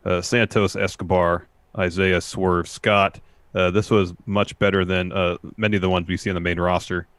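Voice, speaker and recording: A man's voice: low voice, flat delivery, normal speed, a bit bright, smooth, dry recording. A man co-hosting a wrestling podcast, recapping segments and paraphrasing what was said, with many "uh"s. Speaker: podcast co-host.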